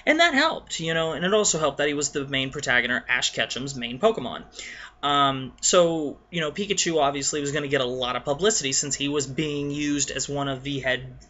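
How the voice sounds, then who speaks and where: A young man hosting a casual gaming countdown, talking in a rambling, nostalgic way with many pauses. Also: fairly high pitch, lively intonation, sharp tone, dull audio. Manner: rambling and nostalgic, lots of ums and restarts. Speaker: gaming video host.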